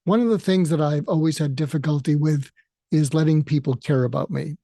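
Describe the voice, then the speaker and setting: A man's voice: a little high, creaky, mellow, dry recording, studio quality. A man hosting his own podcast, speaking in a reflective monologue that halts often with fillers and restarts. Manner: halting, with frequent fillers and restarts. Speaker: podcast host and therapist.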